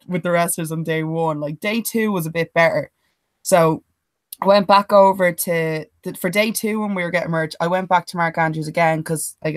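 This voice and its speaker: A woman's voice: fairly low pitch, no echo, clean studio sound. A young Irish woman telling a swear-laden anecdote on a podcast, acting out what others said. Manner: animated anecdote-teller who swears freely and mimics others in quotes. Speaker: podcast co-host. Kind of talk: casual storytelling chat.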